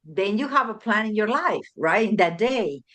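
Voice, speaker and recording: A woman chatting casually as a guest, animated and often acting out little quoted dialogues. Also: mid-range voice, normal speed. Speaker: guest, family member. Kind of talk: casual chat.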